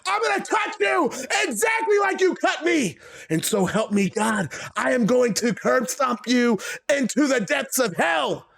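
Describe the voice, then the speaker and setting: A man's voice: very high-pitched, measured pace, gravelly, few pauses, a bit bright, exaggerated voice. A man voicing a furious male wrestler who screams and curses threats. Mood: enraged. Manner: screaming, cursing.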